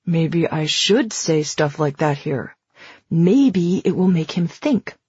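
A woman reading the lines of a teasing, sarcastic young man in an audiobook, in a slightly breathy voice. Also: on the high side, expressive, slow, a little mellow, no room sound, lo-fi sound, exaggerated voice.

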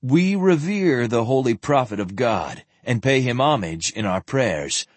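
A man voicing a calm, polite male knight who speaks quietly with mild irony. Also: medium pitch, unhurried, no room sound. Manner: quiet, polite, mildly ironic.

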